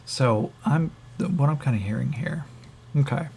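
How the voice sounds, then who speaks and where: A man narrating a solo tabletop game as game master, thinking aloud, halting and swearing as he rolls. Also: medium pitch, creaky, a little mellow, a little hiss or hum.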